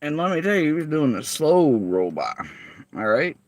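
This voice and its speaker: A woman's voice: low voice, very animated, a little mellow. Heated, profane woman venting on a livestream. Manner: heated, profane, confrontational, rapid-fire rhetorical questions. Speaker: vlogger. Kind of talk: livestream rant addressing chat.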